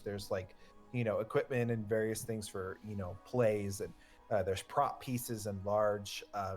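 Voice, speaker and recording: A man narrating as game master of a tabletop game, rambling with many fillers. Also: fairly low pitch.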